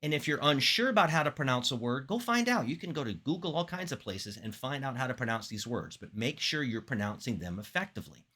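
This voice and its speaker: Animated man giving a speaking lecture. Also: breathy edge. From Florida. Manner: lively, with emphatic pitch jumps and deliberate pauses. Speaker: public speaking instructor. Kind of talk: classroom lecture.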